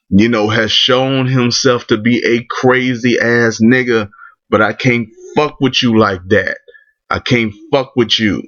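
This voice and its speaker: A vlogger with a medium-pitched, slightly bright voice rants through his commentary, blunt and profane, often restarting his sentences. The recording is dull and lo-fi.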